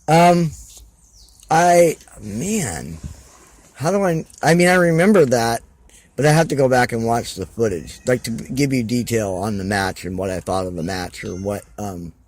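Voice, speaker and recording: A man chats as a guest on a podcast, rambling through memories with plenty of fillers. His voice swoops up and down in pitch, and he slips into little acted-out quotes of other people. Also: expressive, measured pace. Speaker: guest wrestler. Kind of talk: casual podcast chat.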